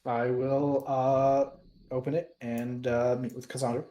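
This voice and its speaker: A man's voice: mid-range voice, level tone, unhurried, mellow. Guy playing d&d, mid voice, rambles a lot, echoey room. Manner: rambling, many fillers. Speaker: player. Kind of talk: casual tabletop game chat.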